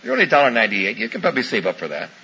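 A man's voice: medium pitch, huge pitch swings, rapid-fire, sharp tone, exaggerated voice. A man voicing a kind mother patiently explaining to her young daughter, in a muffled recording with faint hiss.

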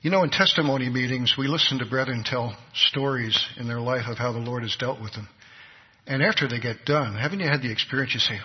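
A husky, medium-pitched man preaches at a quick pace, relating a story earnestly and giving voice to its characters. The recording is muffled, with reverb lingering through a large hall.

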